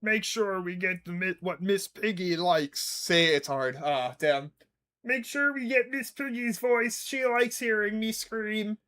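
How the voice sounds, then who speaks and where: A man's voice: sits high, measured pace, bright, forceful tone, pitched above the performer's own voice. A man doing a strained, reedy Kermit-style frog puppet voice.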